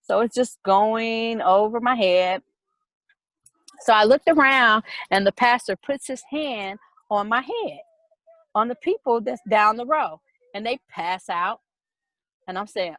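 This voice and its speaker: Animated woman telling a personal story. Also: fairly high pitch, dry recording, low-quality recording. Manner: animated, quick and repetitive retelling.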